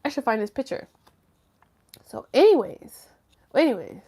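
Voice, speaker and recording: Woman on a live stream rambling thru a story, kinda high voice, says like a lot, swears. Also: normal speed, slightly rough. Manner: rambling, animated, lots of "like" and swearing. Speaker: host of a live chat stream. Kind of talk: casual storytelling to viewers.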